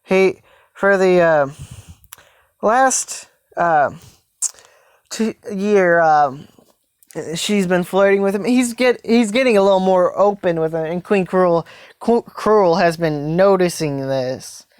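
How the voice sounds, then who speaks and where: A woman with a lowish voice improvises a fan story, rambling along with lots of fillers and tacked-on phrases. The recording is dry and close, with no room sound. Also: slow pace, darkish tone, smooth, no room sound.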